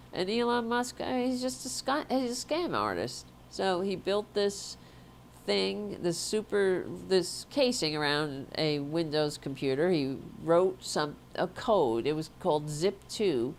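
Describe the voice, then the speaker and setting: A woman's voice: sits low, slight background noise. A woman hosting a political talk show, congested and stuffed up, talking bluntly and indignantly with profanity and frequent restarts. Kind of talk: opinionated political commentary.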